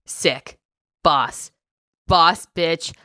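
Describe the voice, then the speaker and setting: A woman co-hosting a casual reality-TV recap podcast, emphatic and expressive, swearing freely. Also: deep voice, very slow, dry recording, studio quality, faint music behind. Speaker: podcast co-host.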